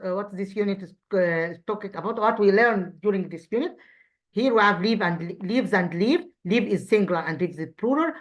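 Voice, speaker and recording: A woman teacher with an Egyptian accent, a native Arabic speaker, explaining an English lesson to children with halting restarts and quizzing questions. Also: mid-range voice. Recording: dull lo-fi sound.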